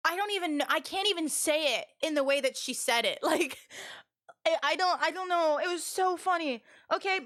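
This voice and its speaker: A young adult woman streamer telling stories to her chat in an animated way, laughing and restarting her sentences. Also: high-pitched. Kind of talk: casual storytelling to chat.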